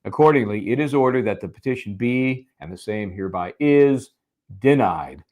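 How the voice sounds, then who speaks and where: A man at a middle pitch hosts a live legal show. He reads out a court order and drops wry, joking asides between the clauses. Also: expressive, normal speed, darkish tone. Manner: wry, joking asides while reading a ruling aloud. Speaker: co-host of a legal commentary show. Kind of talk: live legal analysis chat.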